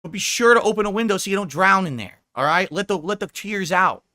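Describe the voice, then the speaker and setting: A man's voice: sits high, lively intonation, fast, bright, forceful tone. A man livestreaming, ranting in a profane, mocking, combative way.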